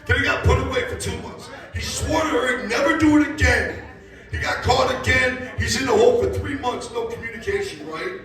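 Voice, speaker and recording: A man in his fifties telling a profane, animated story to a live crowd, laughing and shouting punchlines. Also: very high voice, a little fast. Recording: echoey live venue from far off with loud crowd.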